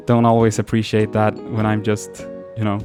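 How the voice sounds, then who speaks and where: A man's voice: lowish voice, completely flat delivery, moderate pace, music in the background. A man telling a casual story-time anecdote to camera, rambling with frequent restarts and casual swearing. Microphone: camera mic.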